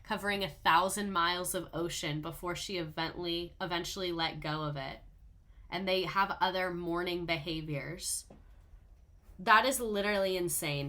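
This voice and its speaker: A woman's voice: lowish voice, bright, forceful tone. A young woman hosting a casual video, reacting to clips with sarcastic, emotional commentary and casual swearing. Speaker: video host.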